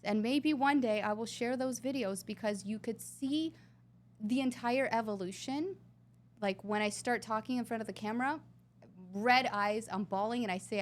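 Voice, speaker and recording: A woman's voice: on the high side, moderate pace. A woman talking earnestly and with emphasis as a guest in a conversational interview. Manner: earnest, emphatic, sometimes drawn out. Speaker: podcast guest.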